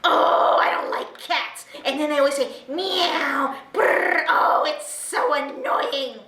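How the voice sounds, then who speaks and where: A woman voicing a playful, sleepy boy puppet who is fussy and boastful, with a whiny, mumbling and quick rambling way of talking. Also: sits high, sharp tone, distant mic, heavily acted. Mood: grumpy. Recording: roomy echo, faint background hiss.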